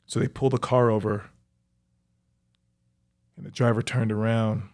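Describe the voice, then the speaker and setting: A young man, a professional athlete, reflectively recounting his own life story in a halting way, with frequent fillers. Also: fairly low pitch, steady tone, a little mellow. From United States. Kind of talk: personal storytelling.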